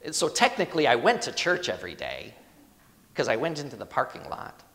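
A pastor delivering a sermon in an easy, conversational way, pressing points home with rhetorical questions and quick asides. The voice sits in a middle register. It rings out with the long reverb of a church sanctuary. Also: medium pitch, huge pitch swings, fairly bright tone.

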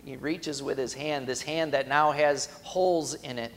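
A male pastor preaching a sermon, swinging between emphatic raised cries and quiet, hushed lines, and acting out imagined quotes in a chatty voice. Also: on the high side, steady tone, unhurried, long reverb tail, slight background noise.

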